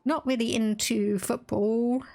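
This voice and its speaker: A woman's voice: a little high, steady tone, measured pace, darkish tone. A woman with an Estuary English accent from England, chatting casually and laughing as she streams a strategy game and reads game text aloud. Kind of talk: casual live-stream gameplay commentary.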